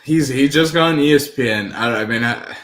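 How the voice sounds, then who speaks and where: A man's voice: medium pitch, brisk, a bit bright. Laid-back male co-host in a roomy studio. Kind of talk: sports talk show banter.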